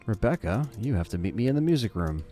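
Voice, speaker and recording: Playing a game, a man talks to his chat in a rambling, laid-back way, tired and yawning as he comments on the action. His rather low, dark-toned voice is fast and sing-song, over soft background music.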